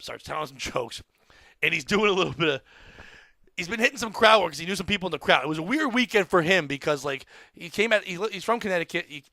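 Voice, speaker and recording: A man, a comedian, telling a story on a podcast in an excitable, profane way, acting out the screams of the crowd. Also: a little high, no room sound, studio quality. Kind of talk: animated storytelling.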